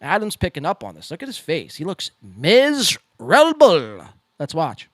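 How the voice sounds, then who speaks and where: A man's voice: fairly high pitch, measured pace, no room sound. A man hosting a podcast, giving casual, profane and sarcastic commentary on clips, often stumbling and restarting his sentences. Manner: sarcastic, mocking, lively delivery. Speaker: podcast host reacting to clips.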